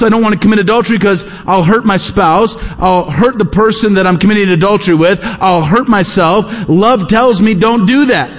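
A man's voice: sits high, in a large hall. A man preaching a sermon as pastor, emphatic and repeating his key phrases.

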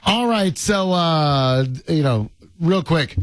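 A man's voice: on the high side, expressive, takes it slowly, no room sound. A man hosting a sports radio show, joking and laughing with his co-hosts in casual banter. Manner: joking, playful, laughs often.

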